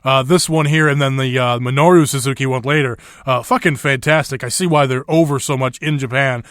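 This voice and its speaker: A man hosts a wrestling podcast, chatting in a laid-back way, swearing freely and dropping in frequent fillers and laughs. His mid-range, fairly bright voice is steady and fairly quick, recorded at studio quality with no room sound.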